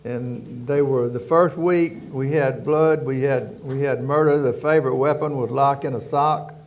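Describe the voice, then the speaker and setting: A little hiss or hum sits under the steady, darkish mid-range voice of an older Louisiana man with a rural Southern accent. A former prison warden, he's the guest in a storytelling interview, speaking at a measured pace and rambling folksily, often circling back with "anyway."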